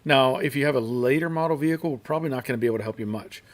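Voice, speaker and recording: A middle-aged man hosts a relaxed live stream from his garage. He reads viewer comments aloud and greets each person in turn, in an everyday voice of middling pitch. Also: rapid-fire. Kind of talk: casual live stream chat. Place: home garage.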